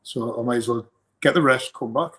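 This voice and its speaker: Young guy, fighter on an interview, rambles and stumbles over his words, average pitch. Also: a little fast, a bit bright. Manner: rambling, repeats words when starting sentences. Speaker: bare-knuckle fighter guest. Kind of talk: casual interview chat.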